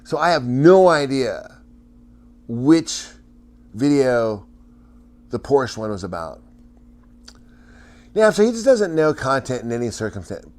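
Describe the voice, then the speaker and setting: Male streamer, mid-pitched, rambling chat full of restarts and chuckles. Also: big pitch swings, takes it slowly, pauses often, darkish tone. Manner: rambling, stammers and restarts, laughs often. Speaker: livestream host chatting with viewers. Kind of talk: casual livestream chat.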